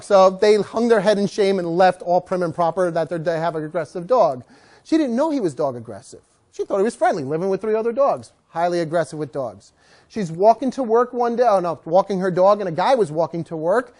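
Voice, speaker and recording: A man teaching a dog-training class, telling stories with lively, acted-out voices. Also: high voice, brisk. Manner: animated, acts out quoted voices. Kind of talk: storytelling lecture to a class.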